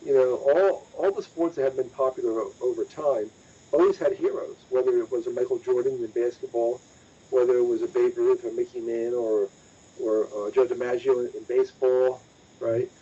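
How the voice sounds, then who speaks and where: A man's voice: medium pitch, fairly even intonation, moderate pace, dark tone, husky. Emphatic man on a lo-fi podcast. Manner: emphatic, repeats himself for stress. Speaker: motorsports news podcast host. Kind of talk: casual discussion podcast. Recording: dull lo-fi audio.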